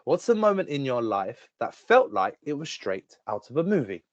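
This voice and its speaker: A man co-hosting a casual podcast chat, animated and prone to silly high voices. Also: moderate pace, no room sound, lo-fi sound. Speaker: podcast co-host.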